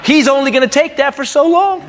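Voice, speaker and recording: Loud audience laughter runs through this live comedy club set, where a man rants in a mock-patriotic, exasperated tone. His voice is very high, his pace a little fast, and the background noisy.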